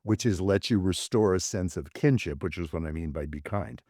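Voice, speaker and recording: A man's voice: low-pitched, normal speed, mellow, no echo, studio quality. A male psychologist speaking as a podcast guest, reflective, illustrating his points with quoted examples from couples. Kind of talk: podcast interview.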